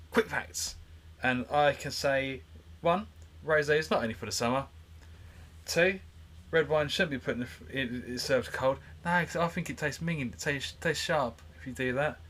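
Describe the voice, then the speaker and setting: A man's voice: fairly high pitch, moderate pace, fairly bright tone, a little hiss or hum. A young man co-hosting a casual podcast, easygoing and rambling, swearing now and then. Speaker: podcast co-host. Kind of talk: casual banter.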